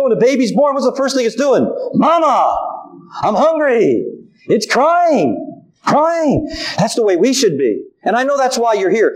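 A middle-aged man preaching a sermon, animated and acting out quotes from his family. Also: high-pitched, poor audio.

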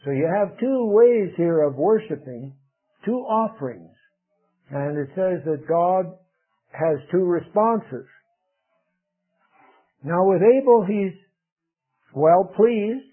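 A man preaching a sermon, earnest and unhurried, pausing often with fillers. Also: high-pitched, slightly rough. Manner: slow, earnest preaching with many pauses and "uh" fillers. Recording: tinny phone-like radio broadcast.

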